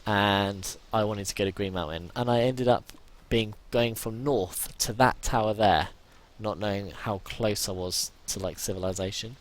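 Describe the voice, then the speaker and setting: Here a man plays a survival game and mutters anxiously to himself, breaking into panicked yelps now and then and repeating phrases under stress. His voice is lowish, at a moderate pace with few pauses.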